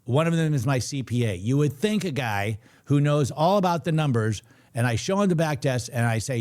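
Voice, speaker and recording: A man's voice: mid-range voice, animated, brisk, darkish tone. A middle-aged man hosting a casual live trading stream, chatty and jokey, reading viewer comments aloud. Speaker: trading show host.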